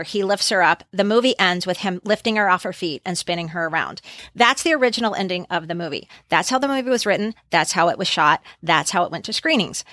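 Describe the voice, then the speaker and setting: A woman's voice: lowish voice, no room sound, studio quality. A woman co-hosting a pop culture podcast, telling film trivia in casual chat and acting out the lines. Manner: animated storyteller who acts out quotes. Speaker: podcast co-host.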